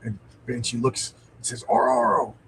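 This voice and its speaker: Man, live-stream comic reading, enthusiastic, chatty with viewers, mid-pitched voice, faint background hiss. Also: expressive, moderate pace, poor audio. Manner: enthusiastic, answers viewer comments.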